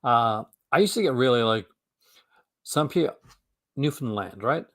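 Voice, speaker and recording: A man's voice: mid-range voice, animated, measured pace, fairly bright tone, dry recording, clean studio sound. A man with a Canadian accent, hosting a casual chat and rambling with frequent restarts. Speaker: host.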